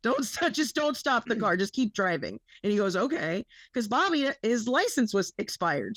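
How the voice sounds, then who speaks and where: Woman, young adult, rambling storyteller, swears freely, a bit high-pitched, dry recording. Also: very animated, normal speed, few pauses, a bit bright, dry recording. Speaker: podcast co-host. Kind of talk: casual storytelling.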